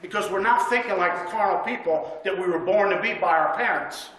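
High-voiced folksy preacher in an echoey church. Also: male voice, a little fast, fairly bright tone. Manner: folksy, conversational, asks the congregation for amens. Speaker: guest preacher. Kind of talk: sermon with storytelling. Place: church sanctuary.

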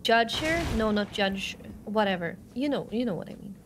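This is live gameplay commentary from a young woman from Sweden, speaking English as a non-native with a Swedish accent. Her medium-pitched voice is expressive and moves at normal speed, her tone playful and sarcastic, with noise behind her.

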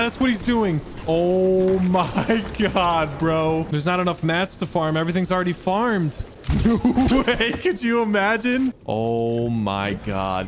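A man hosting a game tournament, giving excitable, trash-talking live commentary that swings into yelling. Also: sits high. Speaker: gaming streamer and tournament host. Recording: noticeable background noise.

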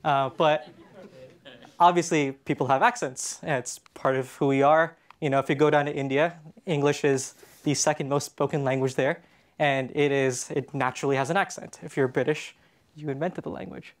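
A Canadian man speaks on a conference stage in a fairly high voice. His talk is casual and conversational, full of "um"s and restarts. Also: fairly even intonation, moderate pace. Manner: casual, chatty, with frequent fillers and restarts. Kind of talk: conference presentation.

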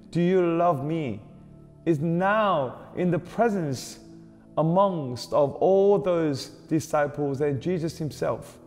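A man preaching a sermon as pastor, slow and deliberate, stressing repeated questions. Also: on the high side. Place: church hall. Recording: reverberant hall with soft music behind.

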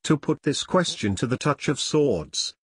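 A man voicing a stern nobleman prince in an audiobook, speaking gravely and formally. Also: on the high side, expressive, a little slow, no room sound, clean studio sound.

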